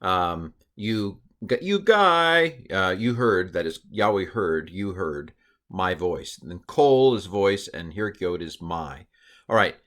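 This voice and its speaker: Middle-aged male teacher, chatty and playful, bright voice, explaining Hebrew grammar. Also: on the low side. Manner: chatty and self-correcting, with playful asides. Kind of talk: recorded lesson walking through slides.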